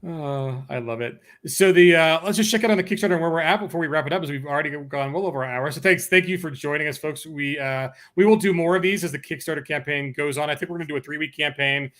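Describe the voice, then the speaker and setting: A man's voice: fairly high pitch, fast, hardly any pauses, fairly bright tone. A man hosting a publisher's launch livestream, talking casually and upbeat with many fillers. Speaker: host of a publisher's launch stream.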